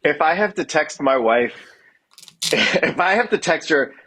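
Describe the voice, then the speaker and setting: Husky man telling stories with stammering restarts. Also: a little high, lively intonation, sharp tone. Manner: halting, many restarts, self-deprecating humor. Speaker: guest musician. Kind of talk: casual podcast chat.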